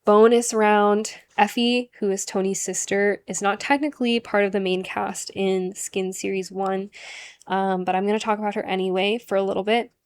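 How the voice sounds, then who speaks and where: A woman's voice: mid-range voice, fairly even intonation, moderate pace, clean tone. A woman talking casually to the camera as a perfume vlogger, chatty and full of "like" and "um" fillers. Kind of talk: casual vlog monologue.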